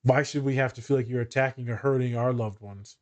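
A man's voice: medium pitch, fast. Brief: male social worker hosting a podcast, candid and swearing freely, mid-range voice. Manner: candid, profane, animated storytelling. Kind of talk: casual podcast discussion.

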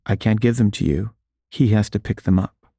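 A man quoting a stern, rule-bound woman ticket clerk in a flat, unbending tone. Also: on the low side, moderate pace, creaky, slightly rough, dry recording, clean studio sound. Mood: firm.

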